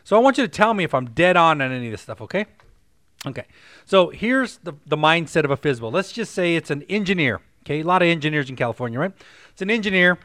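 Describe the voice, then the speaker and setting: A man's voice: fairly high pitch, quick pace, dry recording, clean studio sound. A man hosting a casual chat, telling an example story and often checking in with "okay?". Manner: animated, checks in with listeners often. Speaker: podcast host, real estate coach.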